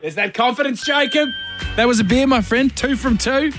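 A man's voice: very high voice, normal speed, a bit bright, soft background music. A man with an Australian accent hosting a radio phone-in game, with cheeky, joking banter. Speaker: radio host.

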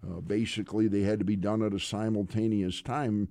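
A man preaching a sermon. He speaks earnestly and unhurriedly and often pauses on "uh". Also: fairly low pitch, little pitch movement, warm tone, no echo. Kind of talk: sermon retelling scripture.

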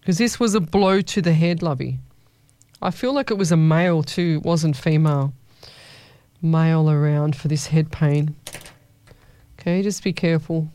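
A woman's voice: low voice, moderate pace, warm tone, dry recording. Chatty woman radio host. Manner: chatty, playful, calls listeners lovey. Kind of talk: casual chat reading listener messages.

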